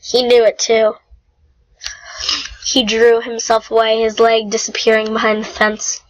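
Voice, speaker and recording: A woman reading a novel aloud in an unhurried, homemade style, with small slips and throat-clearing. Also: on the high side, monotone, poor audio. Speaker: reader. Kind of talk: amateur audiobook reading.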